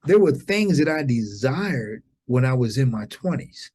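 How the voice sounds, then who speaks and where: A man in his fifties, a podcast guest, telling an inspirational story in an animated, preacher-like way, often jumping up in pitch for exclamations. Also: measured pace.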